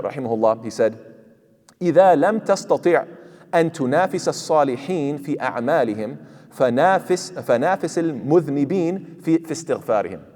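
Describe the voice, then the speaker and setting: Fast-talking imam in a reverberant hall. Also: male voice, medium pitch. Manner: animated, fast-talking, many fillers and restarts, recites Arabic quickly. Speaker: imam giving Quran commentary. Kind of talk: sermon-style tafsir lesson. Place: mosque hall.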